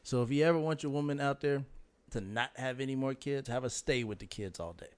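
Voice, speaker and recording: A man's voice: medium pitch, a little fast, noisy background. A man in his thirties, a father, chatting casually in a laid-back, slangy way and acting out his family's voices. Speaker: podcast co-host, father. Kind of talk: casual chat.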